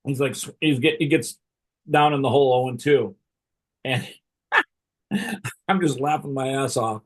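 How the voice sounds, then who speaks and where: Man, middle-aged, husky, casual storytelling, cursing, laughing host. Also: mid-range voice, moderate pace. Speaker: podcast host.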